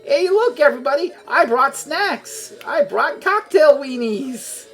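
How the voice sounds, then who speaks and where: A giddy, squeaky man-child, as a woman puts him on, chirpy and sing-song, his voice far above her own and swooping all over. He sounds eager and silly. Faint music hums underneath. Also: animated, unhurried. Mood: ingratiating.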